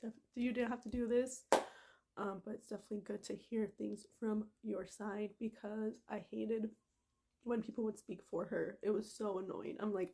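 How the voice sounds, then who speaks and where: A woman's voice: mid-range voice, fairly even intonation, moderate pace, vocal fry, mellow, husky. A woman vlogging casually, reading passages aloud and talking with lots of fillers. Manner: gushing, filler-heavy, uses "like" and "freaking". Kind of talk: casual emotional vlog.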